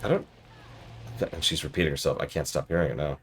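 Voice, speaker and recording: A man's voice: rumbling low, fairly even intonation, fast talker, slight background noise. A man streaming a game, giving casual, playful commentary with joking asides.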